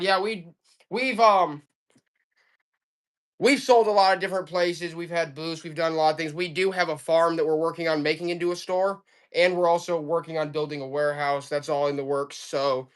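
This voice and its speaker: A woman selling items on a live stream auction in fast, joking, hyped-up sales patter, coughing now and then. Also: mid-range voice. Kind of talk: casual live selling banter.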